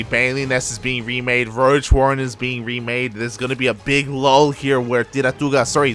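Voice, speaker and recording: A man casting a live strategy game tournament, excitable and laughing often, calling the action as it happens. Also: mid-range voice. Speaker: esports caster.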